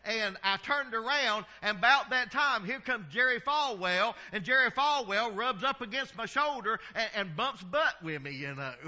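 A middle-aged Southern American pastor preaches in a high, very bright and ringing voice, folksy and easygoing as he draws out his vowels. The recording sounds a little muffled and dull. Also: lively intonation. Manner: folksy preaching, drawn-out vowels, chuckles at his own stories. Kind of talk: sermon.

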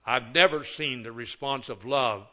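A man's voice: medium pitch, unhurried, sharp tone, dull audio. Folksy older male pastor preaching. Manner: folksy, joking asides. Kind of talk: sermon.

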